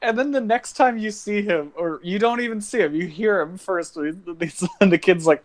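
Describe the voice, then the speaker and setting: A man's voice: high voice, normal speed, hardly any pauses. A man co-hosting a podcast, talking enthusiastically and with profanity in casual chat. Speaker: podcast co-host.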